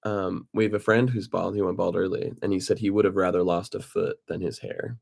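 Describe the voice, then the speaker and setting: A man from California co-hosting a live stream, chatting casually with dry, deadpan teasing. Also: deep voice, a little fast, vocal fry. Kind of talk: casual chat.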